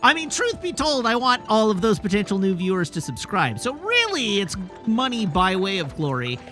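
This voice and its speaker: A young male streamer fills the gaps in his game with quick, self-mocking jokes. His voice sits high and sounds bright and ringing. His pitch jumps around a lot as he riffs. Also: huge pitch swings, soft background music. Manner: joking, self-mocking asides. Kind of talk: live game stream commentary.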